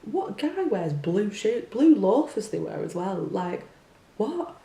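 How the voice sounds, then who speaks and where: A woman's voice: medium pitch, big pitch swings, slow pace, creaky, warm tone. A young woman, a teacher, talking casually and full of rhetorical questions, with many filler words. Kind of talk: casual opinion monologue. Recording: distant mic in an echoey room with faint hum.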